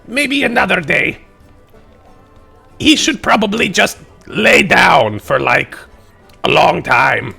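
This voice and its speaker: A man voicing a small female kobold innkeeper in a tabletop game, talking in slow, broken speech. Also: high voice, animated, creaky, sharp tone, breathy edge, soft background music, voice pushed up, full character voice. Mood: fussing.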